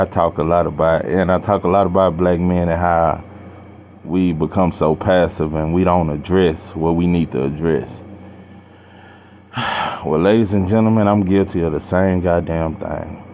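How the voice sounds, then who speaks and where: A boxing channel vlogger with a very low, darkish voice addresses his viewers in a personal vlog. He speaks slowly, heavily and haltingly, with sighs and casual slang, over a faint hiss of background noise.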